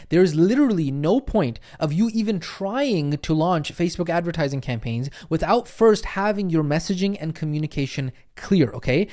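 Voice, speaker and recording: This man's voice sits high and a little mellow as he delivers a recorded training lecture in the role of a business coach. He is emphatic and insistent, repeating his points with conviction and constantly checking in with the listener through "okay?" and "right?"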